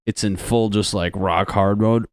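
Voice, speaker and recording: A man's voice: fairly low pitch, fairly even intonation, unhurried, smooth, dry recording. A young man hosting a solo comedy podcast, rambling and swearing, laughing at his own jokes, close on the mic. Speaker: podcast host.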